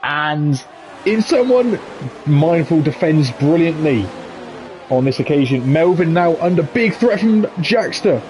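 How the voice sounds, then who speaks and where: A man calling a live sim race in a slightly high, bright-pitched voice. He talks in a chatty, joking way, with quick asides between the race calls. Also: lively intonation, a little hiss or hum. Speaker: esports race commentator. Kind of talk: live sim racing commentary.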